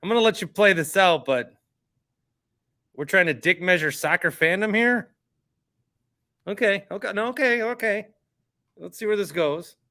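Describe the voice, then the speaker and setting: A man's voice: high-pitched, normal speed, pauses often, pushed and bright. A man hosting a podcast, reacting in casual chat, exasperated and stammering as he repeats himself. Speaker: podcast host.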